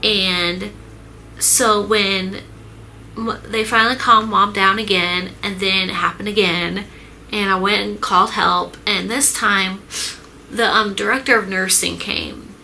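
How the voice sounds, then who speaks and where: A woman telling a personal story in a vlog, halting and earnest, with many pauses and fillers. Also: medium pitch, fairly even intonation, gravelly, bright, forceful tone, slight background noise, poor audio. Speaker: vlogger recounting her mother's illness.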